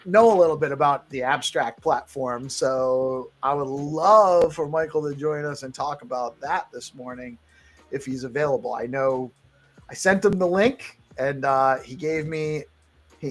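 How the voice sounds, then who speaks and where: A man hosting a live crypto news stream, chatting casually and eagerly with many restarts. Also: on the high side. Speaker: show host.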